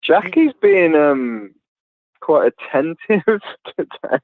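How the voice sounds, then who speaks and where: A man's voice: fairly high pitch, very animated, takes it slowly, no echo. A man calling in to a live chat show, teasing the host and laughing. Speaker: caller. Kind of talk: casual chat over a call. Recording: dry, tinny phone-like line.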